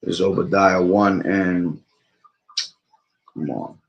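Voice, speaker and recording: A low, gravelly male voice preaches about prophecy from home and reads scripture aloud. He rambles and keeps checking in with "all right?" and "okay?" His voice is hoarse, as if he is losing it. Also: fairly even intonation, slow pace, muffled recording. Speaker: bible teacher streamer.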